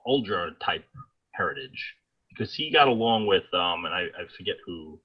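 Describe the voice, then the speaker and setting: A low-voiced man co-hosts a casual film chat, and his pitch swings widely as he acts out scenes. His voice is a little husky. The recording sounds dull and lo-fi. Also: animated, moderate pace. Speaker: podcast co-host.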